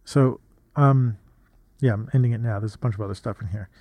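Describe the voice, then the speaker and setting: A little fast and mellow, this mid-range male voice belongs to a photographer in his fifties leafing through an old journal. The sound has no echo, and his talk is loose and thoughtful, full of restarts and side remarks.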